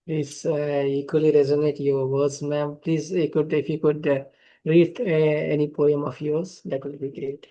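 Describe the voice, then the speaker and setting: A man's voice: a little high, level tone, a little slow, mellow. Polite hesitant man hosting, muffled. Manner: polite, hesitant, many fillers. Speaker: event host.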